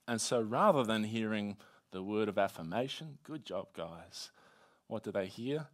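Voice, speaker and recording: A man preaching a conversational sermon, teaching a Bible passage with playful asides. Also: medium pitch.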